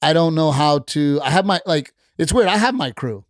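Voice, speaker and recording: A male comedian guest chats animatedly on a podcast, swearing freely and slipping into quoted voices. His voice sits a little high. The recording is dry and close. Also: animated, normal speed, no room sound. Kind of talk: casual chat.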